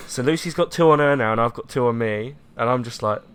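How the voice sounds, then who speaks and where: A young English man in casual podcast chat, animated, acting out the people in his story. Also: medium pitch, fairly quick, slight background noise. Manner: animated storyteller, acts out quotes, laughs often. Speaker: podcast co-host.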